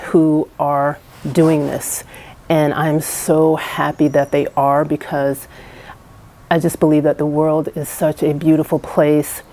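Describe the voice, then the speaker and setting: A woman's voice: low voice, dark tone. A woman vlogger talking straight to camera in a casual, earnest and encouraging way, full of small restarts and fillers, from a house she is minding.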